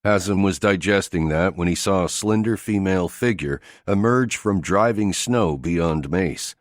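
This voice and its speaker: A man reads an action thriller audiobook in a steady, gritty delivery. His voice sits very deep, and the recording is close and dry with no room echo. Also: measured pace. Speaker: audiobook narrator. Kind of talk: scripted narration of an action thriller.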